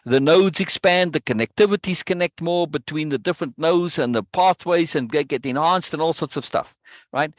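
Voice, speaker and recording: Leading a coaching session at a moderate pace, a man delivers his points emphatically and insistently, frequently asking his listener "right?" His voice sits a little high for a man, and the recording is dry with no room sound.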